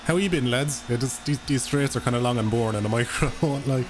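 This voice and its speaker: A young Irish gaming streamer talks fast in a medium-pitched voice, chatting casually with his viewers and swearing freely while he plays a racing game live. The background is noisy with the game's music and car engines.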